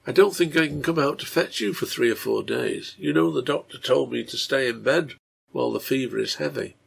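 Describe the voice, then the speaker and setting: A man voicing a gentle, pleading, sick little girl in a read-aloud story, with a husky, gravelly voice. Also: mid-range voice, fairly quick.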